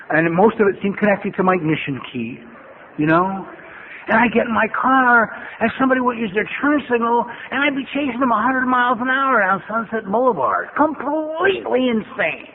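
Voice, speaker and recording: Older male speaker, high voice, blunt and wry, lo-fi tape, tinny with faint hiss. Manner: blunt, profane, wry storytelling with animated bursts. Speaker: recovery meeting speaker. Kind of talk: personal testimony talk with storytelling.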